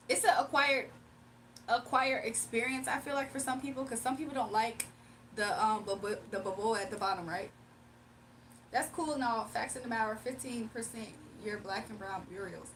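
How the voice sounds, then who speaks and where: A woman's voice: a little high, moderate pace, fairly bright tone, distant mic, slight background noise. Playful woman chatting on a livestream. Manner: playful, laughing, talks to chat. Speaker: livestream host. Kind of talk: casual livestream chat.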